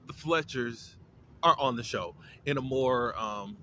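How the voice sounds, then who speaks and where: A man's voice: medium pitch, expressive, normal speed, bright, forceful tone. A man giving a casual, opinionated recap of a TV episode, with lots of fillers and restarts. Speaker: reality TV reviewer.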